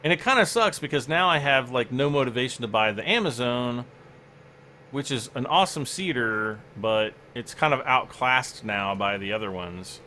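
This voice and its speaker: Lively, bright-voiced male game streamer. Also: mid-range voice, normal speed, a little hiss or hum. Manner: chatty, rambling, answers chat aloud. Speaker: game livestream host. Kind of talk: casual livestream commentary.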